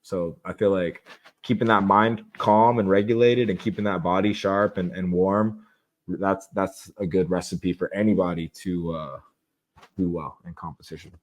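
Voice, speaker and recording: Man, deep voice, even and flat delivery, young adult podcast guest, candid, casual. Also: moderate pace. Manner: relaxed, candid, rambling with restarts. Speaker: podcast guest, jiu-jitsu competitor. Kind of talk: casual interview talk.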